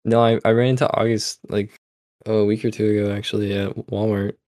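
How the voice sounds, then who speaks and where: A man with a lowish voice jokes and laughs his way through a relaxed podcast chat. The recording is dry and close-miked. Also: a little fast, no echo. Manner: joking, laughs often. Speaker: podcast co-host. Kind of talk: casual chat.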